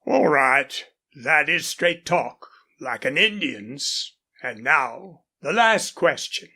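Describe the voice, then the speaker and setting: A woman voicing an older male rancher, an indulgent, horse-proud father, in a husky, drawling audiobook character voice. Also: low-pitched, lively intonation, slow pace, sharp tone, heavily acted.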